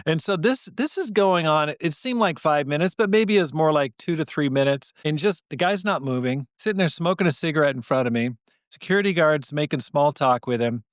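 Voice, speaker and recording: A man's voice: on the high side, brisk, dry recording, clean studio sound. A man hosting a podcast, telling a story from his time as a pastor and acting out the voices of the people in it. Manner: animated storyteller, acts out quoted voices.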